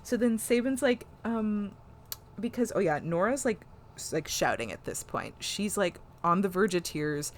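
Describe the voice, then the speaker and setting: A woman co-hosting a podcast, recapping an episode in casual, animated chat full of "like" and swearing. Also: medium pitch, moderate pace, a little hiss or hum. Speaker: podcast co-host.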